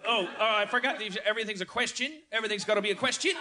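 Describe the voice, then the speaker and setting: A man's voice: high-pitched, fairly even intonation, racing. A man hosting a live comedy podcast, riffing with stammering repeats and lots of swearing. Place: live venue in Brisbane. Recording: live show with loud audience.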